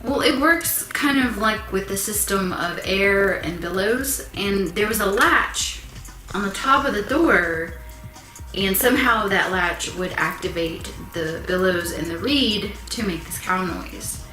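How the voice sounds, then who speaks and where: A woman vlogger telling a personal story in a casual, animated, chatty way, asking her viewers questions. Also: medium pitch, a little slow, soft background music. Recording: echoey room.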